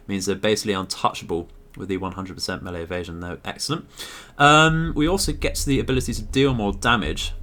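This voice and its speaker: A man, hosting a gaming video and talking through a strategy game in a polite, measured way with frequent fillers. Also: lowish voice, a bit bright.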